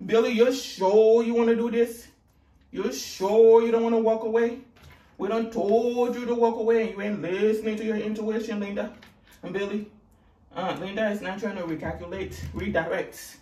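A woman with a West African accent giving a casual, sassy tarot reading, with big swings in pitch as she talks. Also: normal speed. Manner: sassy and animated, with big swoops in pitch and laughter. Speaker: tarot reader. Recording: roomy, distant mic with faint noise.

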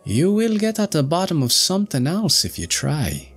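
A man's voice: fairly high pitch, huge pitch swings, normal speed, soft background music, voice pushed up, full character voice. A man voicing a cheerful, self-assured ship's doctor with a smug, triumphant way of talking.

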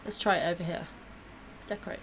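A woman's voice: on the low side, fairly even intonation, fairly quick, a little hiss or hum. A woman gives bubbly, gushing live-stream commentary while she plays a game, gasping and laughing often.

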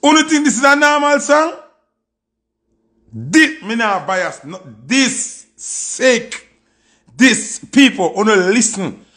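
A Jamaican man hosting an excited music reaction, exclamatory and swearing freely. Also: very high-pitched, takes it slowly, long pauses.

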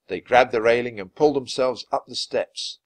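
A man reading a children's book aloud, with expressive, lively narration. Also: medium pitch, moderate pace, no room sound. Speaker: storyteller.

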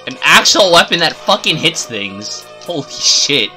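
A man's voice: on the high side, big pitch swings, unhurried, sharp tone, faint music behind. A man streaming a video game live, giving profane, exasperated running commentary as he plays.

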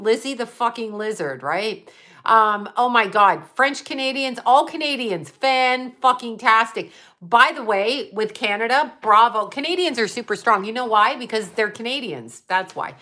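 Lady rambling on her livestream, cussing, reading chat out, bright sharp voice. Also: on the high side, lively intonation, moderate pace. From Buffalo area, US. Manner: rambling, profane, reads chat comments aloud. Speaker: livestream host.

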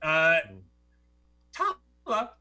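A man narrating a tabletop game as game master, telling the action in a lively, theatrical way. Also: sits high, extremely slow.

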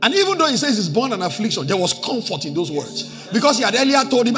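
Nigerian pastor, high, very lively voice, church hall reverb with faint music behind. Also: male voice, a little fast. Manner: emphatic, animated, mixes in Pidgin asides. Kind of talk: sermon.

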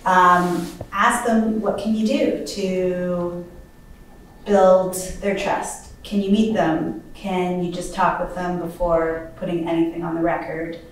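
A woman's voice: fairly low pitch, fairly even intonation, takes it slowly, slight background noise. A woman, a student, answering a question in class in a thoughtful way, saying "like" often. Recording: distant, very echoey room with faint ambience.

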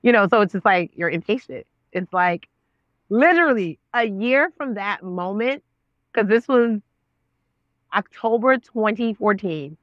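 A woman in her thirties telling her story as a guest, voicing her own past dialogue with God. Her pitch leaps up and down as she acts it out. The sound is dry and slightly dull. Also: animated, a little slow, no room sound. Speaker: guest, actress and author. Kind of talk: animated storytelling.

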